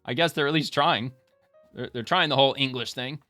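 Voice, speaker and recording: Male commentator reacting to clips, chatty and rambling, bright, dry close sound, faint music behind. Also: mid-range voice, fairly quick, no room sound. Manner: rambling, many fillers and restarts. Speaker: online commentator.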